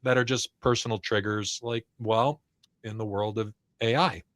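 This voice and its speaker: A man's voice: fairly low pitch, fairly even intonation, normal speed, a bit bright, no echo, clean studio sound. A middle-aged man, a guest on a live interview, talking in a laid-back, blunt and playful way. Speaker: guest, studio founder and artist. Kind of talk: casual interview chat.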